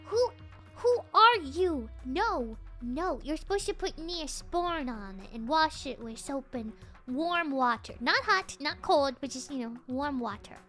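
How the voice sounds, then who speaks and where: Bubbly high-voiced young woman streamer. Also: lively intonation, unhurried, a bit bright, faint music behind. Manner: bubbly, giggly, greets chat over and over. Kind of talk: live game stream chat.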